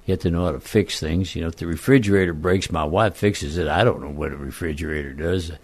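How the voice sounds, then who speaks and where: An older man with a very low, croaky voice, like a frog by his own account. He talks in a folksy, self-deprecating way and rambles through his stories as a radio talk show guest. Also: quick pace. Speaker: guest, former football coach. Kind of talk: casual radio interview storytelling.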